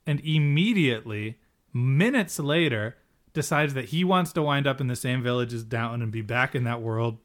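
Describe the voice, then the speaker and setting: A man co-hosting a casual podcast, chatting through a show's episode and slipping into quick impressions of the characters. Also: medium pitch, expressive. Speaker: podcast co-host. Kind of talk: casual recap chat.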